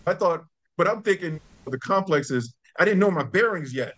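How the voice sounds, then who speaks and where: A middle-aged former college football player from New York guests on a podcast, casually telling stories and animatedly acting out the voices of the people in them. His voice is high-pitched and his pace moderate.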